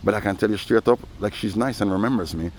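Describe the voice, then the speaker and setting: A man talks in a loose, rambling vlog monologue, his voice sitting somewhat low. He is outdoors, peppering every thought with "you know", while faint traffic hums behind him. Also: fast, darkish tone. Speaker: vlogger. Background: faint traffic noise.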